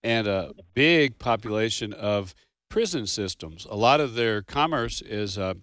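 A man's voice: fairly low pitch, lively intonation, unhurried, a bit bright, no echo. Male radio co-host, chatty storyteller, dry studio sound. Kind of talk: casual radio chat. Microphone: studio microphone.

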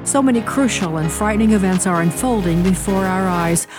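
A woman's voice: medium pitch, a little fast. A woman radio host reading a scripted promo in an inviting manner. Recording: promo with music underneath. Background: music bed.

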